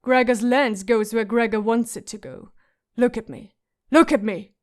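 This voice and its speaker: A woman reading the part of a scarred, surly, drunk male warrior who rasps and mocks in an audiobook. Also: a little high, steady tone, moderate pace, natural voice. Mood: mocking. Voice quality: rasping, mocking.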